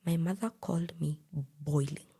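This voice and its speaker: A young woman with a Kenyan accent tells her own story with animation, quoting the people involved in dialogue. Her voice is low-pitched and slightly rough with vocal fry, and she speaks at normal speed.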